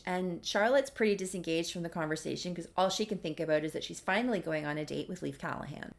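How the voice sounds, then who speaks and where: A woman's voice: lowish voice, quick pace, creaky, few pauses. A woman casually recapping a soap story as a video creator, chatty and wry. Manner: chatty, wry, lots of fillers.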